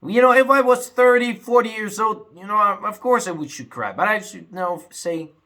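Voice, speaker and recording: A young man talking casually to his viewers, swinging between angry outbursts and low, sad muttering, full of "you know" and "man". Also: moderate pace, sharp tone. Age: young adult. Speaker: vlogger. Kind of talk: casual rant to camera.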